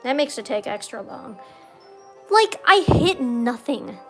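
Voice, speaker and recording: A young woman streaming a video game speaks slowly in a high, very animated voice, with faint music behind her. She chats casually and mutters quietly to herself, swearing and ranting whenever she fails.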